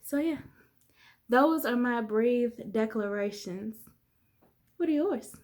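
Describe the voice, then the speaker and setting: A woman's voice: a little high, slow, darkish tone. A woman life coach in her thirties, talking candidly and conversationally to viewers in a motivational vlog. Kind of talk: casual motivational vlog talk.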